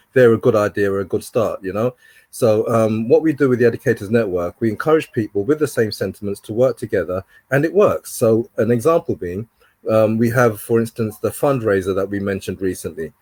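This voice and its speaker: A man's voice: fairly low pitch, a little mellow, breathy edge, no echo. A man answering interview questions in an earnest, explanatory way. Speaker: guest.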